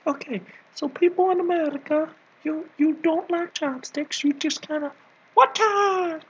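A video creator improvises a comedy rant as a scolding, bossy nanny, teasing and rambling with abrupt whispers. The man's put-on voice is extremely high, steady in tone and a little mellow, at a moderate pace, on lo-fi audio.

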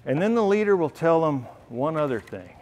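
A middle-aged man speaks at a banquet hall, telling stories earnestly and from the heart. His voice sits a little higher than most men's. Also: big pitch swings, fairly quick, darkish tone. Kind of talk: storytelling speech.

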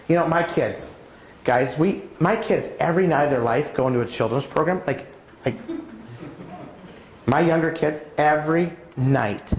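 A man gives a conference talk in a church hall, chatty and personal, often turning to ask the audience questions. His voice carries some gravelly fry, and the room adds a noticeable echo with a faint hum of ambience behind him. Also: medium pitch. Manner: conversational, asks the audience questions. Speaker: pastor.

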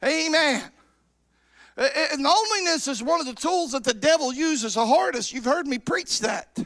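A man preaching a fervent Pentecostal sermon in church, shouting in bursts and stretching his words. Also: very high voice, animated, a little fast, dry recording, studio quality. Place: church sanctuary.

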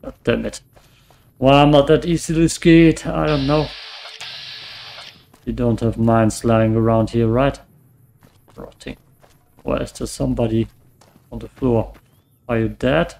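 A man talks through his game at an unhurried pace, his voice gravelly and worn, going hoarse as he plays. He mutters and grumbles to himself between lines, cursing at the screen. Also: medium pitch, fairly even intonation, darkish tone, slight background noise. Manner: mutters to himself, swears often. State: voice getting hoarse. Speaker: let's play gamer. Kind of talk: casual gameplay commentary.

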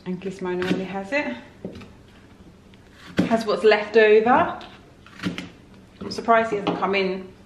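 Slow, chatty woman in an echoey kitchen. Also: medium pitch. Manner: chatty, homely, rambling asides. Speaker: vlogger. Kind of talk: casual kitchen vlog chat. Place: home kitchen, indoors. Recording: echoey kitchen, clear background noise.

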